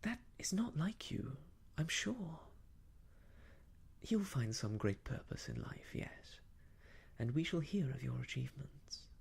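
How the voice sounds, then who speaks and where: A man voicing a gentle, earnest young woman in a whispered role-play, speaking softly and sincerely. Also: mid-range voice, sing-song, slow, vocal fry, husky, heavily acted. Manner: soft, sincere and quiet.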